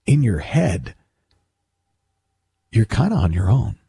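A man's voice: on the low side, sing-song, slow, gravelly, warm tone, breathy edge. A man giving a reflective, conversational monologue, talking his way through ideas with restarts and acted-out bits of self-talk. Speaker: speaker on mindset.

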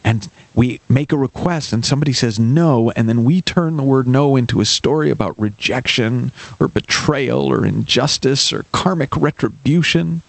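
A man's voice: mid-range voice, normal speed, gravelly, few pauses, no room sound. A man hosting a radio coaching show, telling a story in an emphatic, storytelling manner and acting out the characters in it. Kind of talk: radio call-in show monologue.

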